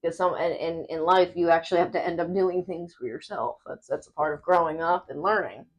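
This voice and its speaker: A woman co-hosting a casual podcast, telling stories in an animated way and laughing often. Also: on the low side, fairly quick. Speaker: podcast co-host. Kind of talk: casual chat.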